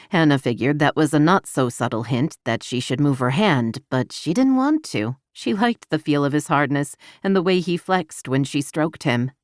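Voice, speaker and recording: A woman narrating a romance audiobook in an even, intimate storytelling manner, recorded close to the mic. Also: low voice, moderate pace, few pauses, no echo.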